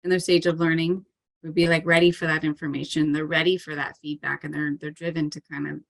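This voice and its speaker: A woman's voice: low-pitched, little pitch movement, fairly quick, creaky. A woman talking as a parkour coach in a casual interview, earnest and chatty, with frequent "um" and "like" fillers and light laughs.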